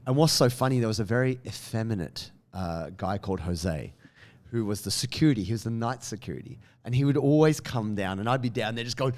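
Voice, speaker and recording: A man, co-hosting a casual podcast chat and telling lively stories with swearing and laughter. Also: fairly low pitch, a little fast. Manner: animated storyteller, swears, laughs often. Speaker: podcast co-host.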